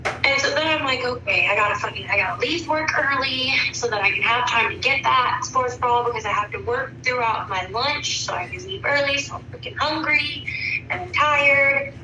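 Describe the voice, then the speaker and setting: A woman in her thirties, speaking at normal speed in a fairly high voice, gives a rambling, frank account as a counseling client and swears freely. The audio comes from far off in an echoey room with faint noise.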